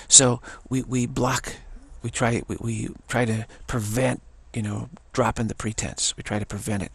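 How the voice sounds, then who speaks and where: An older man gives a rambling spiritual talk, circling back and stumbling over his words. His voice is gravelly and a little husky. The sound is dry and close. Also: medium pitch, level tone, normal speed, hardly any pauses, fairly bright tone, dry recording. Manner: repetitive, stammering restarts. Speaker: spiritual teacher.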